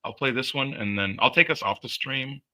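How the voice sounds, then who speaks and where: A man's voice: mid-range voice, brisk, pushed and bright, rough recording. A man hosting a live stream, chatting loosely with many fillers and some swearing. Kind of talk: casual chat on a live stream.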